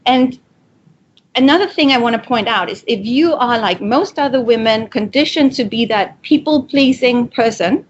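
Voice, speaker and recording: A woman's voice: fairly high pitch, dull audio, slight background noise. A woman giving a direct, coaching motivational talk to an online audience and acting out short quoted exchanges. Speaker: speaker giving a webinar talk. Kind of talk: motivational presentation.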